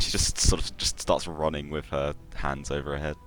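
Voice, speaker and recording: A man's voice: very deep voice, fairly even intonation, fairly quick, fairly bright tone, soft background music. A man narrating as game master of a tabletop game, rambling loosely with many fillers.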